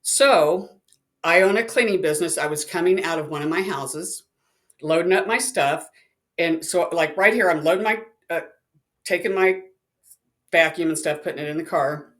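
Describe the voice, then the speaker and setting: A woman's voice: fairly low pitch, moderate pace. A woman, a psychic, casually telling a personal story and acting out the voices of the people in it. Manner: chatty, animated, acts out quoted voices.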